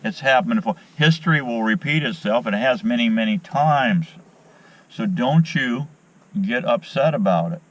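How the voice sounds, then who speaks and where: A man's voice: medium pitch, expressive, normal speed. A man telling a rambling story outdoors at a fishing spot at daybreak, repeating and restarting his words as he goes. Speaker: outdoors vlogger. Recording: voice a bit distant from the mic.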